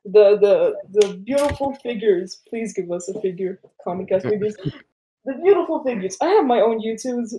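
A man's voice: high-pitched, moderate pace, few pauses, dark tone, slight background noise. A teenage guy from Denmark co-hosting a podcast, chatting loosely, giggling and swearing often. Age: teens. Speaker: podcast co-host. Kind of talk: casual chat.

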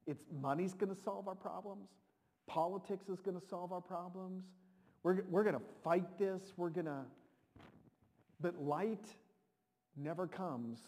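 A man preaching a sermon in an animated way, repeating words and now and then shouting to act a point out. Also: sits high. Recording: long reverb of a large hall.

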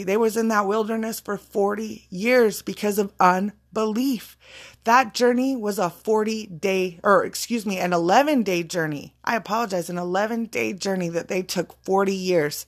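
A woman's voice: medium pitch, creaky. A woman giving a casual spiritual pep talk in an emphatic, repetitive way, with blunt swearing. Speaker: motivational speaker.

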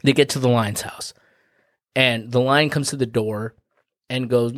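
A man's voice: medium pitch, fairly even intonation, a little slow, pauses often, fairly bright tone, no echo, studio quality. A young man casually retelling a folk tale as a podcast co-host, profane and rambling. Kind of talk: crude comic storytelling.

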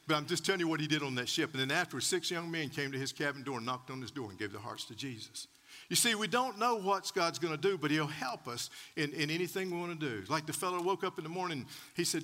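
A man's voice: on the high side, sharp tone. A man preaching a sermon as pastor, telling folksy stories with repeated words and chuckles. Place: church sanctuary. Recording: church hall with long reverb.

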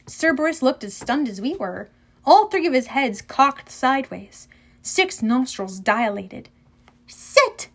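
Woman narrator, high voice, lively first-person audiobook reading. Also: a little slow, breathy edge.

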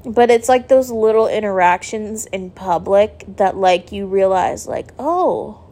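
A woman's voice: medium pitch, a little slow, warm tone. Young woman rambling thru a story, says like constantly, gets choked up. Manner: chatty, heavy use of "like", emotional. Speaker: vlogger. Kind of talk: casual storytelling.

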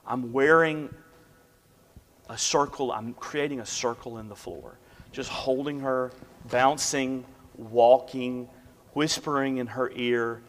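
A man's voice: medium pitch, steady tone, slow pace. Pastor, male, storytelling sermon voice that falls to a near whisper at tender points, big reverberant sanctuary. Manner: storytelling, drops to a hush for quiet moments. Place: church sanctuary. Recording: long hall reverb.

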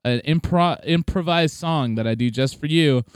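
A chatty man co-hosting a podcast, his voice a bit higher than most and very clear. He laughs often and slides into playful put-on accents. The sound is dry and close. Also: moderate pace, no echo. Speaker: podcast co-host. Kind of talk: casual chat.

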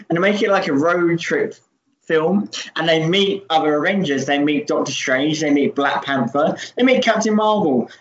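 A man co-hosting a podcast, chatting casually and swearing, joking and laughing often. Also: a little high. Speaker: podcast co-host. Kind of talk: casual chat. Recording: echoey room, dull lo-fi audio.

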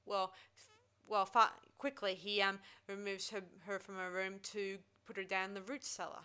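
A woman's voice: mid-range voice, flat delivery, normal speed, bright, forceful tone, smooth. An Australian woman retelling a film in casual chat, rambling and searching for words with many restarts. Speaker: podcast co-host.

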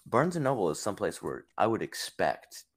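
Deep-voiced man hosting a casual podcast. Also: very animated, brisk, husky. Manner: laid-back, rambling anecdotes full of "like". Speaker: podcast host.

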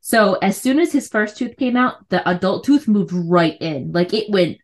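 A woman in her thirties chatting on a podcast. She tells a family story with lively, acted-out quotes and laughs as she goes. Her pitch sits in the middle of the usual range for a woman. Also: normal speed. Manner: animated storyteller, acts out quotes, laughs often. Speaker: podcast co-host. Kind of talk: casual chat, storytelling.

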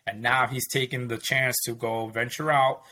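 A man chatting casually, retelling conversations and slipping into quoted voices to make his point. His delivery is emphatic and conversational, at an ordinary middle pitch. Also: little pitch movement, moderate pace, bright, forceful tone. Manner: emphatic storytelling with acted quotes. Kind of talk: casual chat.

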